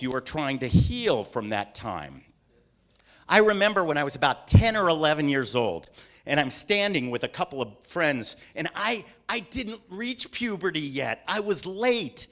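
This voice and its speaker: A man leading a live, interactive creativity talk for an audience, theatrical and animated, often acting out voices and scenes. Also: a little high. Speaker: creativity workshop speaker. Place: lecture hall with audience.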